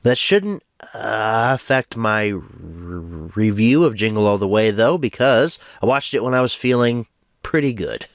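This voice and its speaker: A man's voice: fairly low pitch, lively intonation, measured pace, no room sound, clean studio sound. A young man in his twenties hosting a casual movie review, a bit congested and under the weather, often stumbling and restarting words. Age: 20s.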